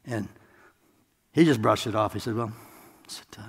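A man preaching a sermon in a relaxed, conversational way, with self-deprecating asides, in a church sanctuary. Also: fairly low pitch, fast talker, slightly rough. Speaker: pastor. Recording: long hall reverb.

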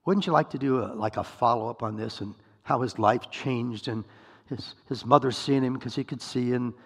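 Male preacher, gravelly voice, storytelling sermon, long echo of a big hall. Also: medium pitch, moderate pace. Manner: storytelling, acts out voices, asks listeners questions.

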